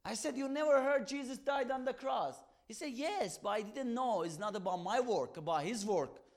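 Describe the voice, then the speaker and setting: Guy with a pretty high voice telling his testimony, acts out the back and forth, broken-ish english, gets loud in spots. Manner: emphatic, acts out both sides of dialogues; halting non-native English phrasing. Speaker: evangelist. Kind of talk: testimony storytelling.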